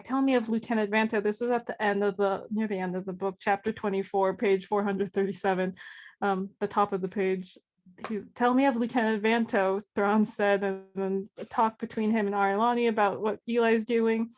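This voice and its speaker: Giggly, foul-mouthed woman podcaster. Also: mid-range voice. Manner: laughs often while talking, swears freely. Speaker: podcast co-host. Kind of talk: casual podcast chat, reading book quotes.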